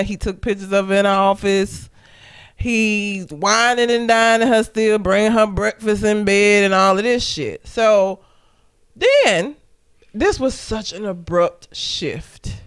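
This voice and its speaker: Smooth-voiced woman animatedly recapping a movie. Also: mid-range voice. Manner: animated storyteller, profane, dramatic retelling. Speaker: podcast co-host. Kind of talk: casual movie recap chat.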